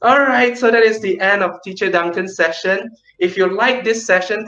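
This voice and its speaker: A man teaching an online kids' storytelling class, lively and playful, with dramatic pauses. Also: high voice, echoey room, lo-fi sound.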